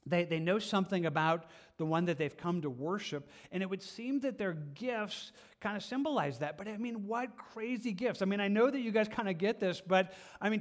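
A man preaching a sermon as pastor, chatty and joking, then dropping to soft, earnest exhortation. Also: high-pitched, fairly quick, few pauses. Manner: playful, conversational, with sudden drops to soft earnest tones.

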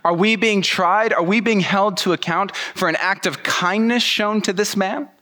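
A man's voice: high-pitched, moderate pace, pitched above the performer's own voice. A man voicing a bold male preacher who proclaims defiantly. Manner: forceful proclaiming. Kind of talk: sermon storytelling.

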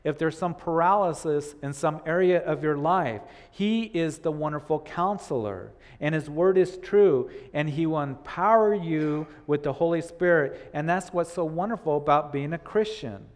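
A man's voice: fairly high pitch, normal speed, few pauses. Earnest male pastor preaching, hall reverb. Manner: earnest preaching, repeats phrases, quotes imagined listeners. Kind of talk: sermon.

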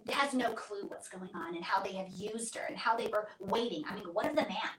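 A woman's voice: mid-range voice, fairly quick, recorded from a distance, background noise. A woman co-hosting a casual Christian podcast, telling a Bible story in an earnest, emphatic way. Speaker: podcast co-host. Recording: echoey room, voice from off mic.

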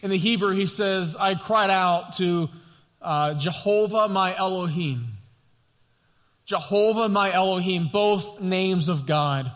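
A man preaching a sermon as a pastor, passionate and building to loud, emphatic peaks. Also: high voice, slow pace, long reverb tail. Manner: impassioned preaching, rising loud at key points.

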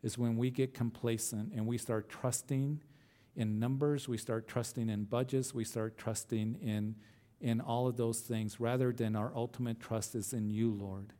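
A man preaching at a mid pitch, telling a Bible story in an easy, conversational style. He lifts his voice when he quotes the characters and falls back to his plain teaching tone for the lesson. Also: steady tone, normal speed, mellow. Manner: storytelling, acts out quoted lines with rising emphasis; conversational asides and restarts. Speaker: pastor.

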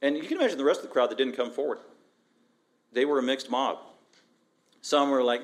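A man preaching an expository sermon as pastor, emphatic and animated, repeating phrases and asking rhetorical questions. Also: medium pitch, fairly quick, long pauses. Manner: emphatic, animated, with frequent repetition.

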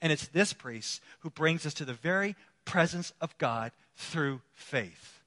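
A pastor delivering a sermon, swinging between loud, emphatic declarations and quiet, intimate appeals, with a repetitive preaching cadence. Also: male voice, a little high, animated, measured pace. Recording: long hall reverb.

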